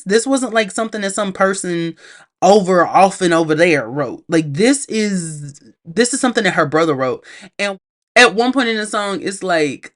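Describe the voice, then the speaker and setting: A woman giving a casual movie review, chatty and animated, laughing often and talking straight to her viewers. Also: fairly low pitch. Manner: addresses viewers directly, acts out characters' lines.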